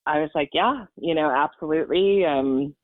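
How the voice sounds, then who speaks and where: A woman's voice: sits low, normal speed, dry recording. A woman in her forties tells a personal story on a podcast with earnest feeling, circling back through fillers and false starts. Her voice comes through a tinny, phone-like line. There is little room sound around her. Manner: earnest and emotional, rambling with many fillers and restarts. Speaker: podcast guest. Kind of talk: personal storytelling in casual chat.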